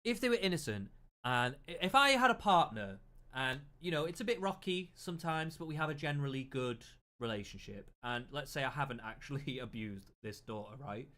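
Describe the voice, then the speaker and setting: A man's voice: mid-range voice, expressive, a little fast, sharp tone. A man giving casual reaction commentary, thinking aloud, repeating himself and swearing freely.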